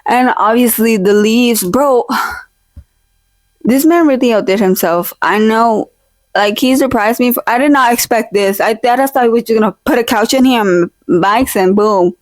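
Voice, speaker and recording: Young woman, casual vlog chat, rambling and jokey, slightly high voice, dry close mic. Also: moderate pace, dry recording. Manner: rambling and jokey, with fillers and teasing fake-outs. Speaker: vlogger. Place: at home, in her decorated room. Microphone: own desk mic, held close.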